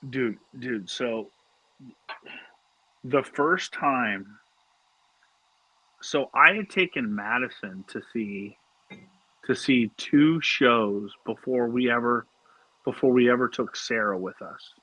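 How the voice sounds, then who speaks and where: A middle-aged man co-hosting a casual podcast chat tells a family story packed with swearing and stammered restarts. His medium-pitched voice is slow, bright, and forceful, with frequent pauses; the audio is poor, with no room sound.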